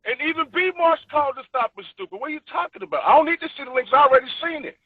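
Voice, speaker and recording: A man's voice: extremely high pitch, expressive, rapid-fire, a crowd in the background. A man who is a boxer, arguing angrily and profanely as a call-in guest, insisting on his point. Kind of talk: heated call-in argument. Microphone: phone call. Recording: tinny phone line.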